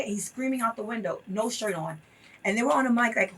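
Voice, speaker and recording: A woman's voice: on the high side, lively intonation, fast talker, a bit bright, slightly rough, far from the mic. A woman guest in a casual interview, talking emphatically and telling stories with acted-out quotes.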